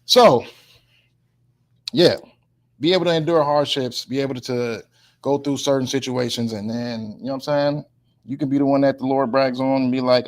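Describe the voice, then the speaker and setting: A man's voice: mid-range voice, fairly even intonation. Man teaching a casual Bible class. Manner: slow, deliberate scripture reading; loose, colloquial preaching with repeated asides.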